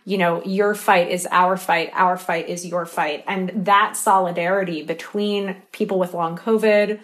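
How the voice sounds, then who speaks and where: A woman's voice: lowish voice, steady tone, measured pace, a bit bright. A woman author answering interview questions with earnest passion, using lots of fillers as she talks. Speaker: author and guest.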